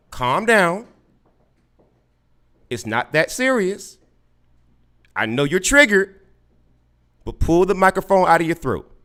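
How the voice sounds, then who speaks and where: A man's voice: sits high, fairly bright tone. A man hosting a podcast, taunting and mocking a caller with sarcastic, repeated questions and frequent stammered restarts. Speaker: podcast host. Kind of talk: combative live podcast talk with a caller.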